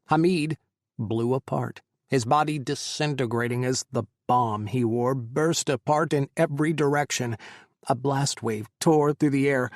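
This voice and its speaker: A man narrating an audiobook in a measured, tense reading. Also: medium pitch, dry recording, clean studio sound. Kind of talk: scripted narration.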